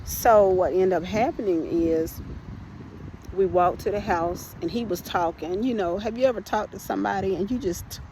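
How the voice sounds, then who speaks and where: A woman in the middle of her pitch range recounts her own testimony for a podcast. She talks in an unscripted, conversational way, turns to her listeners with "y'all" and often stops to restart her sentences. A faint hum sits behind her voice. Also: moderate pace, warm tone, rough recording. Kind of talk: personal testimony storytelling.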